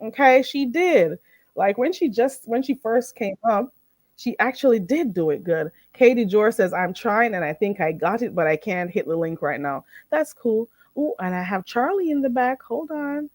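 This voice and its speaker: A woman with a Jamaican accent teaching Patois phrases on a casual live stream, animated and laughing often. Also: fairly high pitch, moderate pace, no echo, clean studio sound. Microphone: streaming setup microphone.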